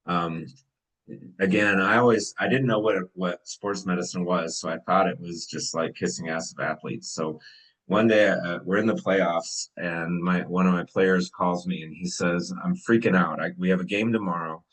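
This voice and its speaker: A middle-aged man, an emergency physician, talking casually with students and telling stories in a relaxed, conversational way with many fillers. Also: sits low, moderate pace, poor audio. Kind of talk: casual storytelling talk.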